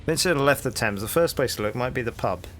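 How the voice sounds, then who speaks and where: A man's voice: medium pitch, animated, quick pace, fairly bright tone, a little hiss or hum. A male streamer reading game text aloud as he plays, with dry, wry asides. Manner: dry wry asides between read lines.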